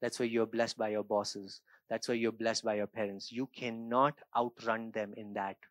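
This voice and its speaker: A man preaching a sermon as pastor, moving between quiet reflective passages and raised emphatic points, checking in with "right?" and "okay?". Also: fairly low pitch, flat delivery, moderate pace, no echo.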